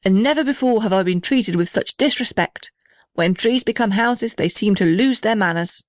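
A woman's voice: mid-range voice, moderate pace, no echo, clean studio sound, natural voice. A woman voicing an old male gum tree who talks stiffly and severely but has a kind heart.

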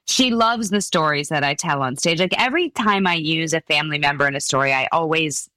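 A middle-aged woman with a slightly low voice chats easily as a guest, laughing often as she talks. The sound is dry and close, with no room echo. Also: brisk, sharp tone. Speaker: comedian guest. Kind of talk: casual interview chat.

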